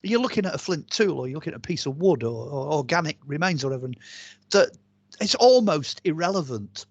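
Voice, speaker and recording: A man with a higher voice, an archaeologist and author, tells stories as an interview guest in a casual setting. He's chatty and animated, talking a little fast and rambling with many fillers and restarts. The recording is dry.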